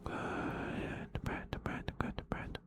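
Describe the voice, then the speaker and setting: A man whispering softly and affectionately in a close ASMR stream, repeating gentle phrases. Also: very slow. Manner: soft breathy whispering, repetitive and affectionate. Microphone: close sensitive ASMR mic.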